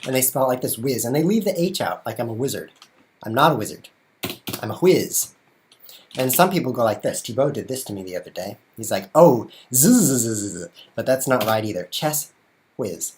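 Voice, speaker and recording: A man's voice: mid-range voice, expressive, a little fast, slight background noise. Playful man streaming from his bedroom. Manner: playful and jokey, narrating while he juggles. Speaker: chess streamer and show host. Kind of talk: casual livestream chat. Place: bedroom at home.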